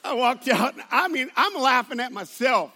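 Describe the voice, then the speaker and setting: A male pastor, preaching a sermon to his church and telling stories in an animated way, with many restarts. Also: very high-pitched, moderate pace, a little hiss or hum. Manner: animated storytelling with laughs and restarts.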